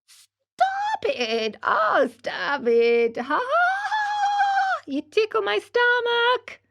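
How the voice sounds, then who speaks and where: A woman voicing a tiny childlike voice hidden inside a piece of wood, high and pleading in a storybook reading. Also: wildly swooping pitch, drawn-out words, pushed and bright, exaggerated voice. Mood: giggling. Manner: high squeaky pleading, giggly.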